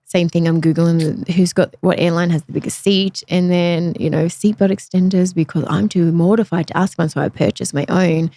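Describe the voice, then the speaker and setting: A woman's voice: fairly low pitch, fairly even intonation, moderate pace, hardly any pauses, warm tone, dry recording. Frank woman hosting, dry sound. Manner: frank, chatty, self-deprecating. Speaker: podcast host. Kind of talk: candid conversational storytelling.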